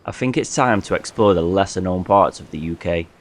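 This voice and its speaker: A man narrating a travel vlog and talking to camera while hiking outdoors, in a relaxed, chatty and enthusiastic way. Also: low-pitched, a little fast. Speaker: hiking vlogger. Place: outdoors on a coastal hike.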